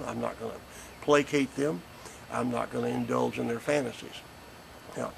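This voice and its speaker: A man's voice: mid-range voice, gravelly, a little hiss or hum, low-quality recording. A man, a grandfather speaking bluntly and indignantly in a recorded statement. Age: 50s. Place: porch outdoors.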